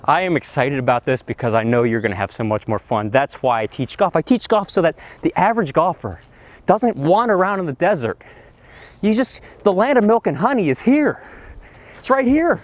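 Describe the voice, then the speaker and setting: A man giving an energetic golf lesson on a practice range, talking with excitable enthusiasm and breaking into exclamations. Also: sits high, normal speed. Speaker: golf instructor.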